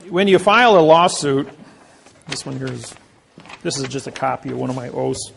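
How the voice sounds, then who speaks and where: A man's voice: mid-range voice, lively intonation, moderate pace, creaky, fairly bright tone, a little hiss or hum. A man speaking to a live audience, telling boastful stories and acting out the quotes of others. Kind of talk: anecdotal lecture to a live audience.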